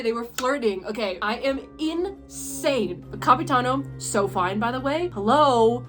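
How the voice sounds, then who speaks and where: A woman in casual gaming commentary, excitable and gushing, breaking into shrieks and laughter. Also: on the high side. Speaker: gaming video creator.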